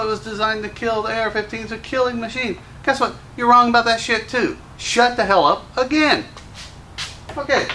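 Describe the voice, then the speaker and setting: High-pitched, angry, ranting man. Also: pushed and bright, a little hiss or hum. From Louisiana. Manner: angry, combative, profane. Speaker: gun store owner and show host. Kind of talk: ranting commentary to camera.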